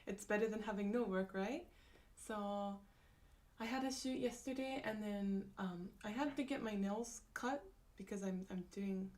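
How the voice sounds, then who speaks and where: A woman's voice: medium pitch, a little mellow. A woman hosting a casual livestream, reading out and answering her chat in a bubbly way, laughing often and sounding a little sleepy. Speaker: livestream host. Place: room at home.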